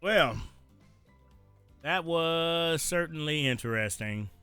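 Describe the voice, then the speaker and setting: A man with a rural American country accent, chatting casually to his viewers while streaming a game, rambling with frequent pauses. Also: fairly high pitch, lively intonation, sharp tone, clear, resonant tone, no echo, faint music behind. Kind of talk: casual gameplay stream commentary.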